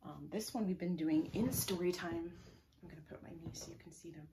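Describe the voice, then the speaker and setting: A woman librarian leading a preschool story time, reading aloud slowly in a sing-song way and often dropping to a soft whisper. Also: lowish voice, noisy background. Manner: leads rhymes and chants with children. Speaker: children's librarian. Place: public library.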